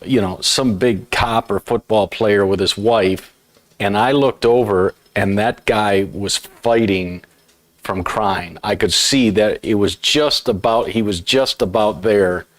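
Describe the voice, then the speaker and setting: Low-voiced man telling a story. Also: takes it slowly, no echo. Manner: storytelling, trails off softly. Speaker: host. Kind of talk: casual chat.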